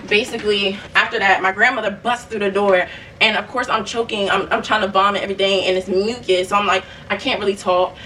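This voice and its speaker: A woman's voice: medium pitch, recorded from a distance, slight background noise, rough recording. Chatty young woman telling a storytime. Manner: animated, chatty, addresses viewers as y'all. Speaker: vlogger. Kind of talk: casual storytime while cleaning. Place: bedroom at home.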